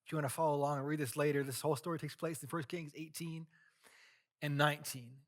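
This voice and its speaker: A male pastor preaching a sermon, retelling a scripture story in a casual, animated way. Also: fairly high pitch, fast.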